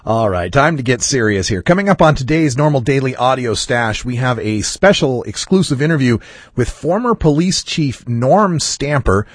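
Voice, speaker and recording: Man, podcast host, husky voice, lively pitch, wry chatty monologue. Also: normal speed, no echo, clean studio sound.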